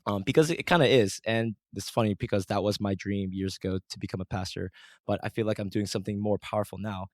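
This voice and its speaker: A man with a lowish voice talks through a personal lesson in an earnest, almost sermon-like way. The sound is dry and close. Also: fairly even intonation, fast talker, a little mellow, dry recording. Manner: earnest and preachy, mimics his angry self in a raised voice. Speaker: podcast host. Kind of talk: reflective monologue.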